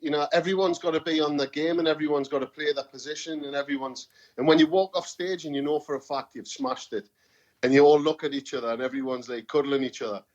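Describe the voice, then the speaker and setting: Geordie man, podcast guest, animated storyteller, slightly high pitch, dull lo-fi sound. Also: fast. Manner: animated storyteller, repeats words, says "you know what I mean". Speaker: podcast guest, singer-songwriter. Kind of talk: casual podcast chat.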